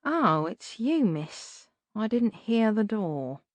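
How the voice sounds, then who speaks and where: A woman voicing a gruff, surly male bar doorman who grumbles slowly in working-class speech. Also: mid-range voice, big pitch swings, no room sound. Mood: grumbling.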